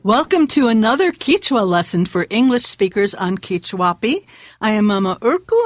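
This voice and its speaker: A woman hosting a radio language lesson, patiently slowing down and repeating words. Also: fairly high pitch, no echo, clean studio sound.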